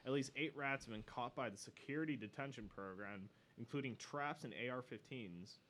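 A man's voice: medium pitch, moderate pace, a bit bright, a little hiss or hum. Profane man reading news with snark. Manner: profane, sardonic asides while reading. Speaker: podcast co-host. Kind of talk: casual banter, reading a news article aloud.

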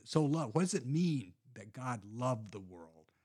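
Earnest husky-voiced man teaching. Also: mid-range voice, very animated, measured pace, warm tone. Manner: earnest, repeats words with restarts. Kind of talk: casual conversational teaching.

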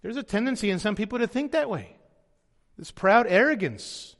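A man's voice: high-pitched, lively intonation, moderate pace, fairly bright tone, in a large hall. A man preaching a sermon as pastor, earnest, sometimes voicing the people he quotes.

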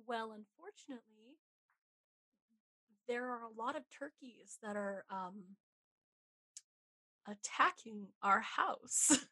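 A woman's voice: on the high side, slow pace, long pauses, pushed and bright, breathy edge, dry recording. A woman playing in a tabletop role-playing game, giggly and playful in her asides. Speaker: player. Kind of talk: casual tabletop play.

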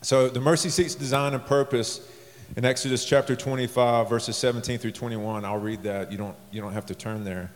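A man's voice: medium pitch, fairly even intonation, a little fast. A man, a pastor, preaching a sermon in a conversational storytelling way, his voice lifting when he stresses a point. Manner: conversational storytelling with rising emphasis. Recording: long reverb of a large hall.

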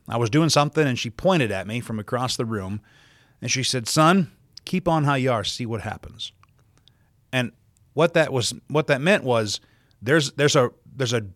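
A pastor from South Dakota preaches a podcast sermon in a medium-pitched, slightly bright voice, recorded dry at studio quality. He stresses key words by repeating them and reads scripture aloud in old-fashioned wording.

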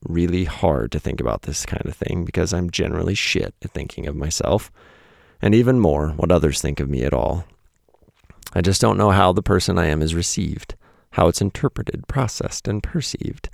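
Man, extremely low voice, heavy vocal fry, reflective essay reading, dry close sound. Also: lively intonation, normal speed, no room sound. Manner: reflective, candid. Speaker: podcast host. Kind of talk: reading a personal essay on a podcast. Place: home in Montana.

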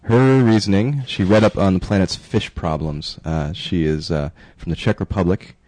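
A man's voice: sits low, normal speed, a little mellow, no room sound. A man co-hosting a casual radio show, reading news stories with many fillers and restarts and joking with his co-hosts. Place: radio studio.

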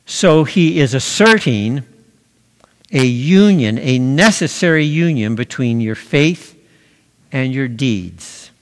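Slow, deliberate preacher in a reverberant hall. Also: male voice, medium pitch, expressive. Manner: slow, deliberate preaching with emphatic pauses on key words. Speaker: pastor. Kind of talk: sermon.

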